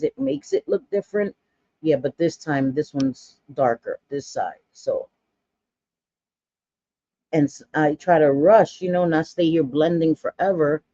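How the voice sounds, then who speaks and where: A woman's voice: low voice, warm tone, dry recording, lo-fi sound. A woman in her forties chatting bluntly through a makeup tutorial, gossipy and full of dramatic asides. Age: 40s. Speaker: makeup vlogger.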